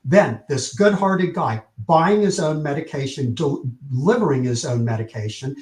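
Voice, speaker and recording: A man telling a story with energy in an interview, acting out the quotes with lively shifts in tone. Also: a little high, normal speed, reverberant. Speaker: publicist, podcast guest.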